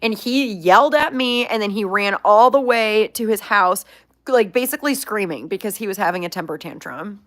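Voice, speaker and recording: A young woman who owns a pet pig and hosts a channel chats casually about her pet while answering viewer questions. Her voice is medium-pitched, a bit bright, expressive, and moderately paced, and she's upbeat and chatty with lots of "like" fillers.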